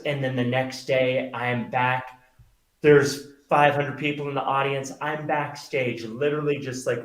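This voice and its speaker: A middle-aged man, a magician and pastor, talking earnestly as a guest and telling stories with many fillers. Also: mid-range voice. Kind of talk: conversational interview. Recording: roomy echo.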